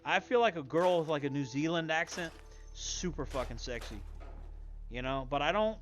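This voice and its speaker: Bright-voiced man rambling through gameplay. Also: fairly high pitch, expressive, normal speed, soft background music. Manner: rambling, profane, muttering to himself. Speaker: streamer. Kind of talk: casual gameplay commentary.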